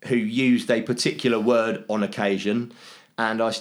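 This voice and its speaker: A man in his thirties with a lowish voice talks openly in a relaxed podcast conversation. He speaks plainly, circling back with fillers and false starts as he goes. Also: moderate pace. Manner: frank, conversational, plenty of fillers and restarts. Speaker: podcast guest, bereaved father and teacher.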